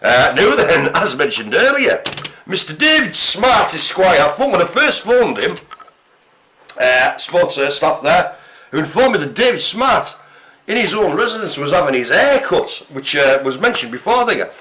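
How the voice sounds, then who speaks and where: A man's voice: a little high, sing-song, normal speed, a crowd in the background. A man co-hosting a live broadcast, telling jokey stories in casual chat with plenty of fillers. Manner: chatty, jokey storytelling with fillers. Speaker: co-host of a live care-centre broadcast.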